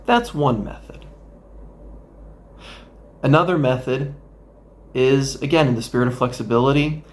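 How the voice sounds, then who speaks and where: Male therapist, gravelly mid-range voice, gentle instructional guide with playful asides. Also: mid-range voice, slight background noise. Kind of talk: instructional talk with guided exercise.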